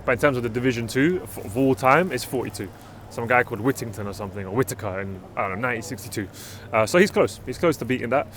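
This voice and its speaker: A man with a London accent co-hosting a casual football chat, relaxed, leading segments and talking to viewers. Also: medium pitch, quick pace, a little hiss or hum. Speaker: podcast co-host.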